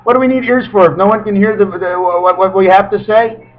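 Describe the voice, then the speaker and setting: A man talking in a rambling spiritual monologue to his webcam, his pitch swinging suddenly between high and low. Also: fairly even intonation, brisk. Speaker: webcam video maker. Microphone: webcam microphone. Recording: dull lo-fi webcam audio.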